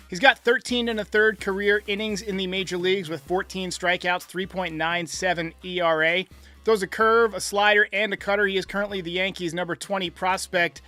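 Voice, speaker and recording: Bright, high-voiced male podcast host. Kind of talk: casual sports podcast talk.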